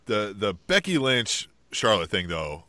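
A man co-hosting a casual wrestling podcast, relaxed and often trailing off softly. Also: lowish voice, measured pace, no echo. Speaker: podcast co-host.

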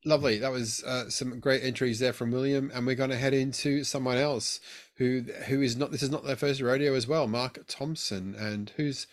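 A man in an easygoing photography podcast chat, his voice sitting at an ordinary middle pitch. He teases his co-host and reads listener entries aloud with relaxed warmth of manner. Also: normal speed. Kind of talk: casual chat.

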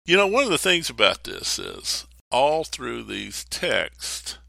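A man, a pastor, talking through his sermon plan in lively storytelling style, acting out voices in quotes. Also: medium pitch, slow, gravelly, no echo. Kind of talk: podcast sermon preview.

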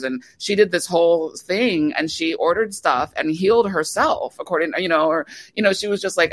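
Animated woman telling a story. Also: on the low side, moderate pace, few pauses. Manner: animated storyteller, many fillers and restarts. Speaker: documentary director, guest. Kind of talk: conversational interview.

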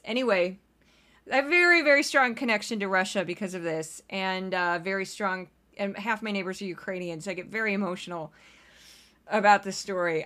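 A woman's voice: medium pitch, a bit bright. An American woman hosting a casual solo podcast, chatty and rambling, laughing often into a home microphone. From United States. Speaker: podcast host.

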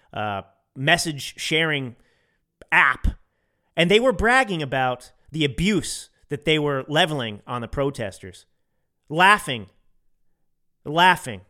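Slightly high and bright, with a forceful tone, this U.S. podcast host delivers emphatic political rants, repeating phrases to drive his points home.

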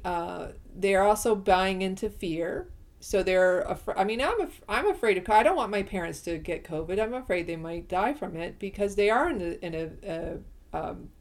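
A middle-aged woman hosting her own podcast, talking through her views in a chatty, opinionated way, often restarting sentences and laughing at herself. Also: mid-range voice. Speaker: podcast host. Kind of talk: casual solo podcast monologue.

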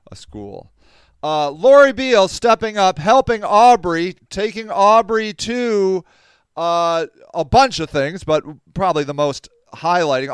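A man's voice: on the high side, clean tone, no echo, clean studio sound. A man hosting a podcast, reading news aloud and commenting on it in a casual, emphatic way. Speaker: podcast host.

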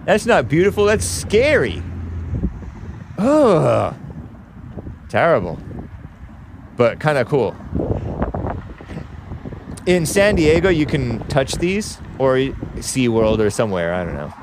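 A man's voice: mid-range voice, sing-song, a little slow, pauses often, background noise. A man hosting a call-in talk show, rambling with wry asides and frequent self-corrections. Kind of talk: casual call-in show chat.

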